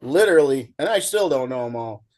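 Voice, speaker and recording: A man's voice: mid-range voice, brisk. A middle-aged man telling folksy stories in casual chat as a show guest, acting out the people in them. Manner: folksy, animated storyteller, acts out shouting coach.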